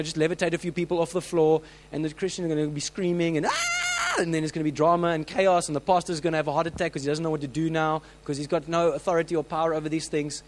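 A man preaching a sermon, telling stories with lively acted-out voices and frequent restarts. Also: a little high, rough recording. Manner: animated storytelling, acts out quoted voices; many restarts and filler words.

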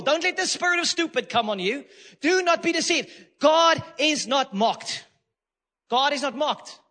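A man's voice: very high voice, sharp tone, big-room sound. A man preaching a sermon as pastor, emphatic and repeating phrases for stress.

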